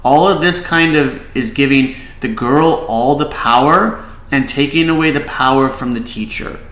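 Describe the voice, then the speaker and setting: A man's voice: medium pitch, moderate pace, a bit bright, roomy sound, low-quality recording. A man, a child behavior specialist, giving casual reaction commentary and advice, with many filler "likes".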